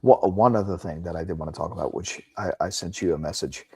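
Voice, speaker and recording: A man with a low, husky voice co-hosts a relaxed podcast conversation. He rambles, restarts his sentences and jumps in with eager agreement. His voice sounds close and dry, with no room sound around it. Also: quick pace, dry recording. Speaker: podcast co-host. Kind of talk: casual chat.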